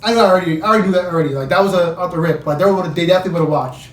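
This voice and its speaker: Young guy with a high voice rambling through a story, lots of "like", roomy echo. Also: rapid-fire. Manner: rambling, heavy use of "like", slangy. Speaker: storyteller vlogger. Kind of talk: casual story time. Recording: echoey room, mic at a distance.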